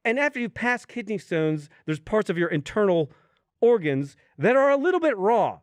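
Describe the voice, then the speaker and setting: A man with a high, very lively voice tells a profane, comedic story on a podcast, acting out each person in it. His delivery swings up and down all the time. The sound is dry and close to the mic. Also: normal speed, no echo. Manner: animated, profane, acts out the people in his story. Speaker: podcast co-host. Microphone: studio podcast mic.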